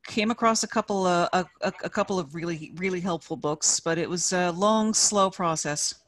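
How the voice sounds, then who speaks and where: A woman author reading her own fiction aloud at a live event, with measured, expressive narration. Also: fairly low pitch, no echo. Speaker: featured author.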